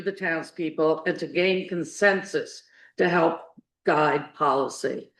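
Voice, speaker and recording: Town board candidate, man, fairly high voice, measured speech, roomy hall sound. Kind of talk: prepared campaign speech. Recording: echoey meeting room.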